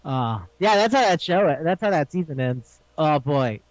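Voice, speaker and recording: On a podcast, a male co-host chats casually while recapping an anime, rambling, swearing often and laughing a lot. His voice is on the high side and animated at a moderate pace, with no room sound and a slightly dull lo-fi quality.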